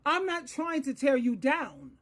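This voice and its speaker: Woman, 60s, high-pitched, advice coach, solo monologue, earnest lecturing tone, repeats herself for emphasis. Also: very animated, unhurried. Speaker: advice coach and Christian counselor.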